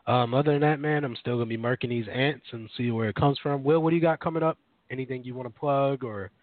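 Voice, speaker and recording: A man's voice: medium pitch, fast, no room sound. A man co-hosting a casual radio show, rambling with lots of fillers and self-corrections. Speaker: podcast co-host. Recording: dry, phone-like narrow sound.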